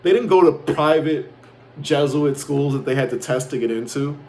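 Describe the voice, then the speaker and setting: A man's voice: a little high, moderate pace, darkish tone. A man from Chicago boasting and ranting in a rambling casual monologue, swearing freely. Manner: boastful, profane, defiant. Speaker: self-proclaimed prophet vlogger.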